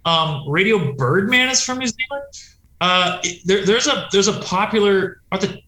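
A man tells road stories in a loose, rambling way, swearing freely and slipping into voices for the people he quotes. His voice sits a little high and sounds bright and forceful. The sound is roomy, with a clear echo. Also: lively intonation, normal speed. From United States. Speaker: touring punk musician guest. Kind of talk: casual storytelling chat.

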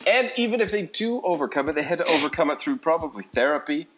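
A man's voice: a little high, animated, quick pace, fairly bright tone. A man in his forties co-hosting a casual podcast chat, easygoing and agreeable. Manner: easygoing, agreeable, laughs along. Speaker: podcast co-host.

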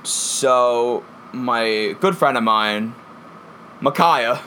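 A young man co-hosting a podcast, chatting casually and telling animated, profane stories. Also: medium pitch, very slow, slight background noise. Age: young adult. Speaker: podcast co-host. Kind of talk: casual chat.

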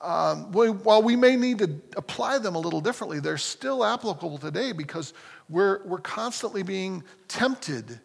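Pastor guy preaching, chatty and animated, swoops up and down a lot, echoey church sound. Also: sits high, normal speed, creaky, breathy edge. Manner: animated, conversational, self-correcting. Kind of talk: sermon. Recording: long hall reverb.

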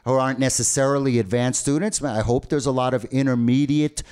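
A man's voice: medium pitch, fairly even intonation, a little fast, a little mellow, clean tone. A man from the United States co-hosting a podcast, talking casually with many fillers and restarts. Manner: rambling, full of fillers and restarts. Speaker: podcast co-host. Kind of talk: casual bilingual podcast chat.

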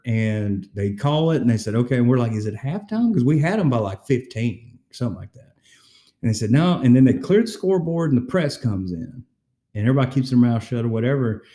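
A man's voice: mid-range voice, a little fast, reverberant. A man hosting a casual sports podcast, retelling stories and acting out quotes. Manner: animated storyteller, acts out quotes. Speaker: podcast co-host.

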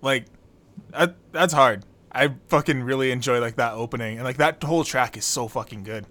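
A man co-hosting a casual music podcast, relaxed and swearing freely while breaking down lyrics. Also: medium pitch, moderate pace. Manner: laid-back, swears casually, stammers on restarts. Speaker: podcast co-host. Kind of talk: casual album review chat.

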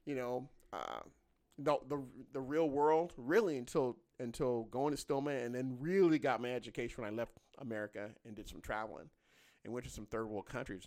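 A man in his fifties telling stories in casual chat, acting out quotes in a raised voice and swearing freely. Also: medium pitch. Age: 50s.

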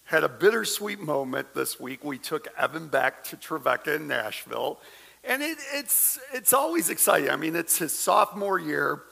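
Gravelly middle-aged male pastor preaching. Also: on the high side, big-room sound. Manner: animated storytelling with humorous asides. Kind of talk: sermon.

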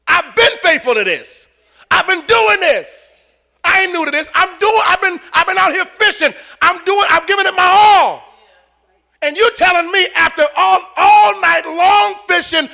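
A man playing a rough, frustrated fisherman who loudly protests that he has worked all night. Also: very high voice, fairly quick, few pauses, full character voice. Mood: exasperated. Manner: exasperated, loud protesting.

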